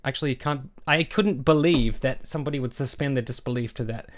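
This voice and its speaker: A man's voice: medium pitch, fairly quick. Profane, sarcastic ranting man. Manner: angry, sarcastic, heavily profane. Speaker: YouTuber. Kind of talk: profane rant vlog.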